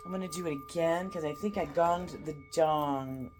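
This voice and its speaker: A woman giving a heartfelt spiritual morning talk as a card-reading vlogger, gently guiding the listener through breathing. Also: low voice, normal speed, few pauses, over music.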